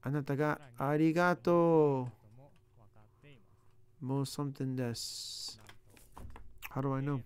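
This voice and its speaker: A man's voice: mid-range voice, fairly even intonation, slow, long pauses, smooth. A man working aloud through practice sentences, sounding out words and joking to himself as he studies. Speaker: language learner. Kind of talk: self-talk while studying.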